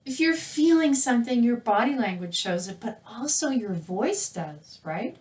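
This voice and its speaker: A woman teaching public speaking in a recorded lesson, with a lively, conversational delivery where her voice rises and falls. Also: on the high side, normal speed, far from the mic. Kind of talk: presenting a recorded lesson to camera.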